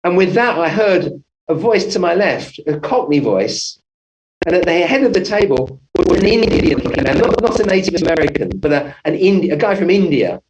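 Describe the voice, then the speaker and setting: A man who works as a family physician speaks as an interview guest. His voice sits a touch higher than most men's. He rambles through a long personal story, restarting sentences and correcting himself as he goes. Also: lively intonation, moderate pace, darkish tone, highs cut off.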